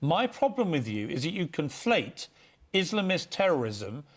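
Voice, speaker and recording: A man from England hosts a heated television debate with a fairly high voice. He is firm, cuts in often, and presses his questions hard. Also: very animated, normal speed. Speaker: TV presenter.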